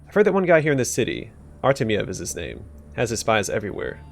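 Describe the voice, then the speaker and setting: A man voicing a gruff, irritable middle-aged pimp in a video game, speaking curtly and with dry scorn. His voice moves widely in pitch and has a gravelly edge. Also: wildly swooping pitch, fast, slight background noise.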